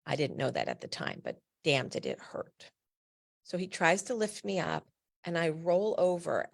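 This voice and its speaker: Middle-aged woman, from New Jersey, low gravelly voice, candid personal storytelling, emphatic. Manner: candid and emphatic, with blunt asides. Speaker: patient advocate and founder.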